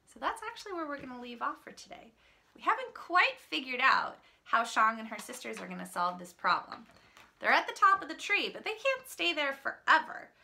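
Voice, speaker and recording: A woman teacher giving a read-aloud lesson to children, explaining things in a lively, friendly way. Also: sits high, normal speed, vocal fry.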